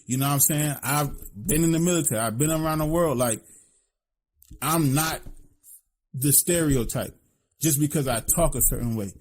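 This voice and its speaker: A man's voice: a little high, normal speed, long pauses. Blunt profane man with Philly accent. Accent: Philadelphia. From Philadelphia. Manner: blunt, profane, says "you know what I'm saying" constantly. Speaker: podcast co-host. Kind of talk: casual opinionated podcast talk.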